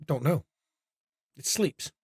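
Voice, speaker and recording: A man's voice: slow pace, dry recording, clean studio sound, lightly acted. Man doing a cryptic German demon. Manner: terse, cryptic, low and quiet. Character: short pudgy balding man, cryptic ancient demon.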